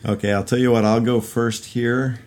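Male guest, easygoing, laughs a lot, mid-pitched. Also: level tone, moderate pace, darkish tone. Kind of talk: casual chat.

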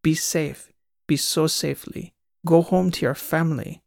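Brief: narrator putting on a jumpy Eastern European station guide, higher voice, broken English, urgent hush. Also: male voice, fairly even intonation, unhurried, gravelly, no echo, clean studio sound. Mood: urgent secretive. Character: nervous secretive male station guide.

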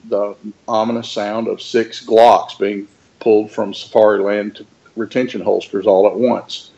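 Gravelly man telling a wry story. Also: lowish voice, highs cut off. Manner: animated, wry, many fillers. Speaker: paramedic guest. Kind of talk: casual storytelling.

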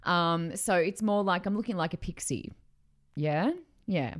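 A woman's voice: on the low side, measured pace. Chatty woman telling a story. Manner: animated anecdotal telling, frequent fillers and restarts. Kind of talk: casual storytelling chat.

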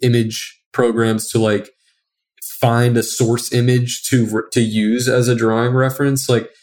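A man's voice: mid-range voice, level tone, unhurried, a little mellow. A young adult man who is a guest comic artist, chatting casually on a podcast and rambling with a lot of filler words.

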